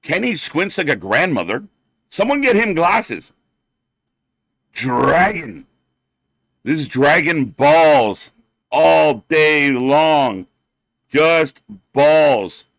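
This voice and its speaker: Sarcastic, swearing livestream host, lively. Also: male voice, on the high side, very slow, pauses often, no room sound. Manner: sarcastic, mocking, heavily profane. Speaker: watch-party livestream host. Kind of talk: profane live commentary rant.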